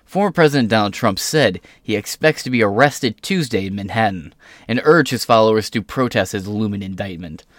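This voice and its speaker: A young man with a fairly low voice hosts a casual news commentary show, reading articles aloud and breaking off for sarcastic, profane asides. The sound is close and dry, with almost no room around it. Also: lively intonation, brisk, no room sound. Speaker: host.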